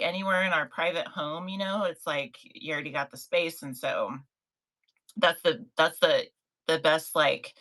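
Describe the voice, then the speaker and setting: On a low-quality recording, a woman with a fairly low, slightly bright voice hosts a casual livestream for online sellers, chatting encouragingly and reading viewers' names aloud from the chat to greet them.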